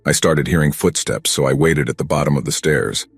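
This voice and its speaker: A man narrating a first-person horror story in a steady, grim, scripted telling. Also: a bass voice, a little fast, gravelly, husky, no room sound, studio quality.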